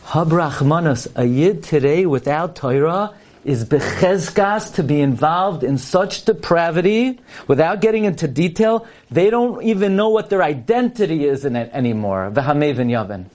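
A man giving an emphatic sermon-style talk, working through stories with Hebrew and Yiddish terms woven in. His voice sits a little high for a man, and he delivers with the drive of a practiced speaker at a parlor meeting. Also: lively intonation, moderate pace, a little mellow.

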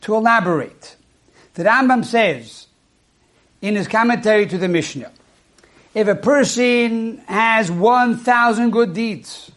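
A man giving a sermon as a rabbi, teaching in a measured way and posing rhetorical questions to his listeners. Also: high-pitched, a bit bright.

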